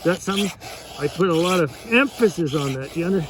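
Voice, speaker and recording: Folksy rambling man over file rasping. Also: on the high side, animated, fast, background noise. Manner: folksy, chuckling, repeats and restarts often. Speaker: fishing lodge owner giving advice. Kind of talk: rambling casual advice while sharpening a chainsaw.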